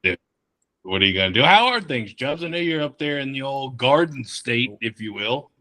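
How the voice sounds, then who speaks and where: Bright-voiced man hosting a podcast. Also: mid-range voice, animated, fairly quick. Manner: rambling, laughing storyteller. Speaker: podcast host. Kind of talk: casual chat over beers.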